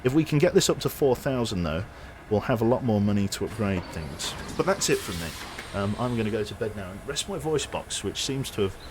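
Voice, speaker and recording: A man's voice: on the low side, animated, fairly quick, few pauses, background noise. A man with a Birmingham accent chatting casually as a game streamer, rambling and chuckling, his voice tired and strained close to giving out. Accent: Brummie (Birmingham). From Birmingham, England. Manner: rambling, self-interrupting, chuckles often. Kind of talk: casual stream sign-off chat.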